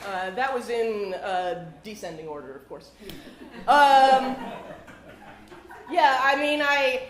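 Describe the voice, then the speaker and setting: A woman's voice: fairly high pitch, expressive. A woman in an improv comedy scene, playing a male star athlete who stammers through an apology at a press conference, recorded in an echoey coffeehouse. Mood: flustered. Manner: halting, apologetic, full of stammers and fillers. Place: coffeehouse stage. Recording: echoey coffeehouse room, faint noise.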